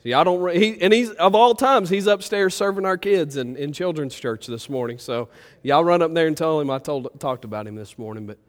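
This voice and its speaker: A male pastor with a voice on the high side preaches briskly in a church sanctuary, where a long reverb tail follows his words. He tells a warm, folksy, wandering story full of fillers before moving into prayer.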